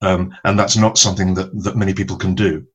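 Male actor guest, low husky voice, hesitant and wry anecdotal style. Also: level tone, fast talker, rough recording. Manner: hesitant, many ums, wry storytelling. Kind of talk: anecdotal interview answers.

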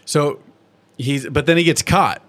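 A man's voice: a little high, unhurried, a bit bright. Profane man recapping a cartoon. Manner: profane, loose storytelling with acted-out quotes. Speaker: podcast co-host. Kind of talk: casual chat, recapping a cartoon episode.

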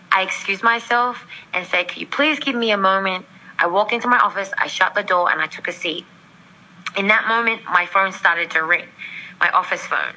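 Bright, animated woman telling a story. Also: mid-range voice, brisk, lo-fi sound. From Australia. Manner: animated, acts out quoted voices, laughs often. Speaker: guest. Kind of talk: storytelling in a podcast interview.

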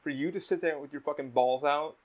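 A man's voice: fairly high pitch, fairly quick, lo-fi sound. A young man hosting a podcast, talking emotionally in casual chat, swearing often and restarting his sentences. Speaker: podcast host.

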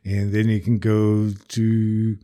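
A man's voice: on the low side, takes it slowly. An American man from New Jersey hosting a podcast, talking casually and filling his sentences with "like". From New Jersey, United States. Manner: relaxed, says "like" often. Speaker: podcast host. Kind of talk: casual chat.

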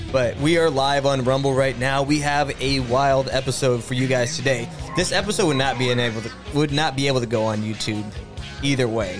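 A young man co-hosting a casual podcast, loose and joking, laughing often and swearing. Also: mid-range voice. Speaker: podcast co-host.

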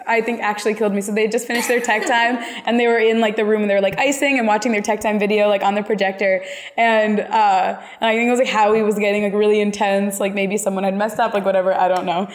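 A woman hosts a casual podcast chat, telling stories in a chatty, rambling way. Her voice sits at an ordinary middle pitch. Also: little pitch movement, fast, long reverb tail. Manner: chatty, heavy use of "like" fillers. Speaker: podcast host.

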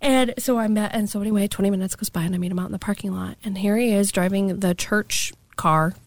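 A woman's voice: medium pitch, steady tone, fast talker, dry recording. A woman telling a personal story in casual chat, acting out quotes and sometimes dropping to a whisper.

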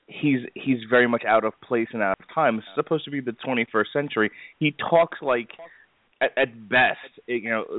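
A man hosting a casual film discussion podcast, talking in a halting way with lots of fillers. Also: medium pitch, dry recording. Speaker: podcast host. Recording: tinny phone-like line, dry.

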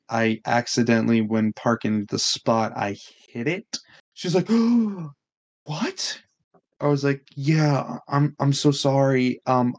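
A young man, telling a story on a casual podcast, swearing often and acting out what others said. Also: mid-range voice. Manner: animated, swears a lot, acts out quotes. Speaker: podcast co-host.

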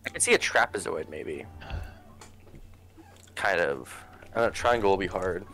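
Low-voiced casual game master. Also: male voice, animated, measured pace, sharp tone. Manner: casual, quizzing, filler-heavy. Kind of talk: running a tabletop game.

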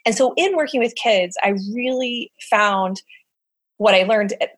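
A middle-aged woman speaking as an interview guest, telling stories in a casual, animated way with plenty of fillers and acted-out quotes. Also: fairly high pitch, a little slow. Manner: animated storyteller, acts out quoted voices, frequent fillers. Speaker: guest, summer camp director.

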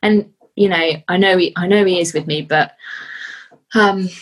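Earnest woman guest, lowish voice. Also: poor audio. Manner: earnest and heartfelt, pausing often with "um". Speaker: podcast guest, fitness athlete. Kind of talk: casual interview chat.

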